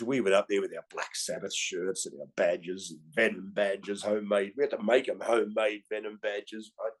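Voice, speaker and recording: A man in his fifties with an Australian accent, swearing freely and tagging his lines with "right?" as he tells animated stories in a casual chat. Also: fairly low pitch, normal speed, few pauses. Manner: animated storyteller. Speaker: guest comedian.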